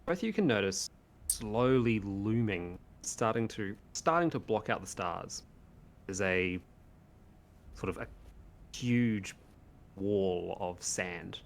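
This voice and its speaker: A man's voice: on the low side, slow pace, creaky, long pauses, a little hiss or hum. A man narrating as game master, describing scenes and teasing his players.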